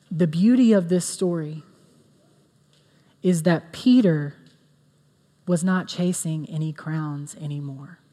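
A woman's voice: low voice, dark tone. A woman giving a sermon in an earnest, conversational way, with many fillers. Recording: long reverb of a hall.

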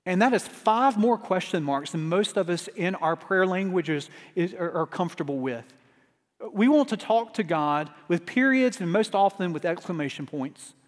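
A man with a high voice preaches an earnest sermon. He leans harder into his repeated refrains as he goes. His words ring out with a long hall reverb. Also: animated, normal speed. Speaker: pastor.

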